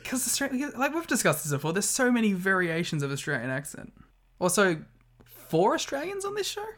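A man's voice: high voice, huge pitch swings, fairly quick, a bit bright. A man co-hosting a podcast, chatting bluntly about wrestling, swearing freely and laughing mid-sentence. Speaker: podcast co-host. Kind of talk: casual wrestling chat.

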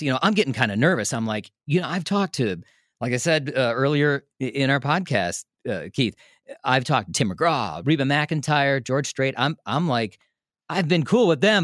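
A man telling a story in a casual, animated way, laughing often and restarting his sentences. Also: mid-range voice, no echo, studio quality. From Milwaukee area, United States. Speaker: radio host telling a story as a podcast guest.

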